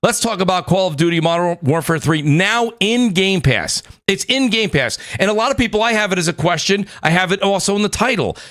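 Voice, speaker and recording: A man with a New York accent hosting a gaming podcast, hyping up guests with shout-outs and talking in loose, filler-heavy bursts. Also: high voice, lively intonation, fairly quick, hardly any pauses, no room sound, clean studio sound. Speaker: podcast host. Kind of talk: casual panel chat.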